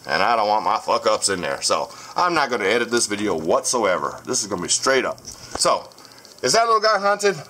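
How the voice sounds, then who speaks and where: A man's voice: on the low side, sing-song, brisk, bright, forceful tone, a little hiss or hum. A man in his thirties filming a casual vlog inside his house on a handheld phone, talking bluntly, combatively and swearing constantly. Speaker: paranormal vlogger. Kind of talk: profane casual vlog rant.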